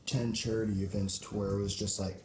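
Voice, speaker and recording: A man's voice: on the low side, flat delivery, fast. A young man from Portland, a band member speaking earnestly and hesitantly with many ums in an interview. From Portland, Oregon. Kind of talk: casual interview chat. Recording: echoey room with faint noise.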